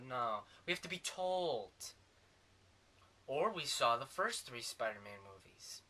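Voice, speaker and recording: Man, movie reviewer, sarcastic rant, slow pace, very bright tone. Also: mid-range voice, very animated. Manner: sarcastic, rambling.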